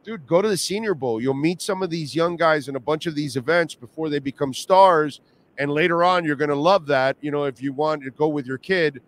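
A man with a Miami accent hosting a sports radio show, talking in an animated, rambling, slangy way. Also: on the high side, brisk. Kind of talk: casual sports talk.

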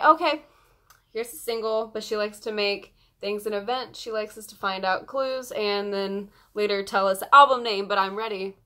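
Gushing young woman vlogger. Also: medium pitch. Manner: gushing, excited fan talk with many "like"s. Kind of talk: casual vlog chat.

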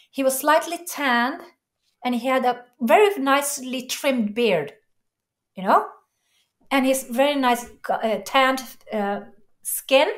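A woman with a high voice, appearing as an interview guest, shares a personal story earnestly and with emotion, halting and starting over as she goes.

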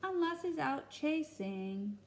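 Slow, animated woman teacher reading aloud. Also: sits high, a little hiss or hum. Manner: slow, animated storytelling with questions to listeners. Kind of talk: reading a picture book aloud to children.

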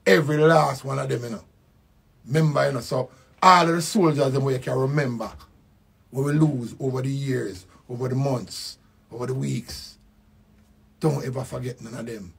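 An older man with a Jamaican accent giving a slow, reflective spoken tribute, repeating his phrases. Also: medium pitch, creaky, husky. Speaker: musician.

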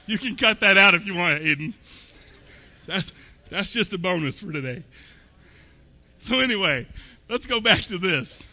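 A man preaching in a church sanctuary, his high, very bright voice carrying a long hall echo. He moves between easy, conversational talk and emphatic, rising points. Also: animated, moderate pace, long pauses. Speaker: pastor. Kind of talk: sermon.

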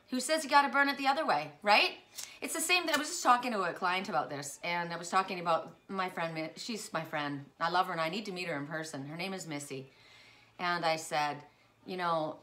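A woman chatting excitedly as she unboxes gifts in a casual vlog, gushing over each one. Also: lowish voice. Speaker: spiritual vlogger unboxing gifts.

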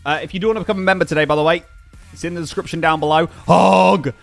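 A young man live-streaming a game, chatting excitedly and thanking viewers as he plays. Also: a little high, rapid-fire, vocal fry, faint music behind. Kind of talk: casual live-stream chat while gaming.

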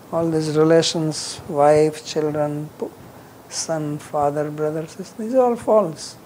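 A man teaching scripture verse by verse. He recites each verse in Sanskrit and then explains it in simple, measured English, often restarting his sentences. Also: a little high, steady tone, slight background noise, rough recording. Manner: drops softer at phrase ends, with frequent restarts.

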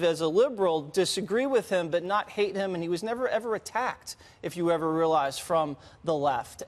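A younger man co-hosting a panel talk show, telling stories with animated energy and laughing now and then. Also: a little high, big-room sound. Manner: animated storytelling, laughs while talking. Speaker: co-host.

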